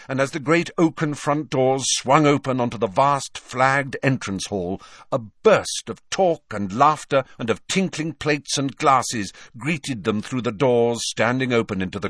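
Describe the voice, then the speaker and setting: Expressive male audiobook narrator, dry close sound. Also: medium pitch, unhurried, hardly any pauses, no echo. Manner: expressive storytelling reading. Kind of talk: scripted narration.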